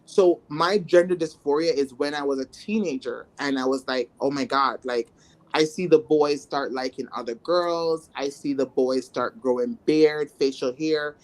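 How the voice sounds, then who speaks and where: A trans woman from Jamaica telling her life story in casual talk, animated and acting out her past thoughts with exclamations. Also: sits low, measured pace.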